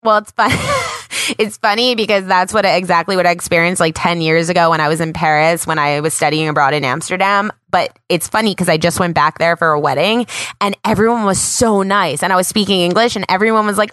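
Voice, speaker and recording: A woman's voice: fairly low pitch, a little fast, fairly bright tone, no room sound. A young woman hosting a podcast interview, chatty and full of fillers, laughing easily. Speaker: podcast host. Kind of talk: casual interview chat.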